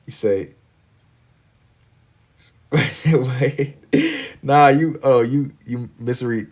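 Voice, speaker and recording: A man's voice: medium pitch, very slow, darkish tone. A man from Kentucky with a Southern accent, chatting casually and rambling with lots of "like" while he draws on a live stream. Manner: laid-back, rambling, heavy on filler "like".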